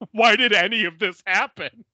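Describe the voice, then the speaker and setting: In dull, roomless audio, a high-pitched man speaking at an ordinary pace retells a movie for a casual podcast he co-hosts. He laughs a lot and animates the story by acting out quotes in different voices.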